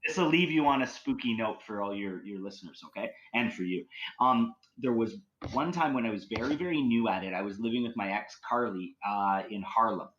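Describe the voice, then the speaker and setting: Dull audio with a bit of background noise carries this Canadian podcast guest's low-leaning voice as he talks fairly quickly. He tells casual stories excitably, rambling and filling gaps with filler words.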